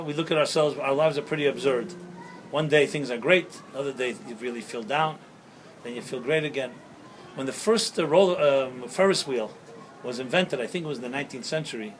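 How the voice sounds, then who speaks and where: A man's voice: mid-range voice, a little hiss or hum, poor audio. A man speaking as a rabbi, delivering a sermon-style talk outdoors, telling stories and jokes and asking the listeners questions. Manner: storytelling with jokes and rhetorical questions. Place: outdoors at sunset.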